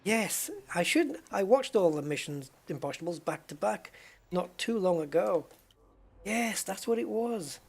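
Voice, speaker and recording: A man's voice: sits high, animated, unhurried, vocal fry, husky. Chatty man rambling on stream. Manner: rambling, chatty, talks to his chat. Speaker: gaming streamer. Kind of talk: casual livestream chat while gaming.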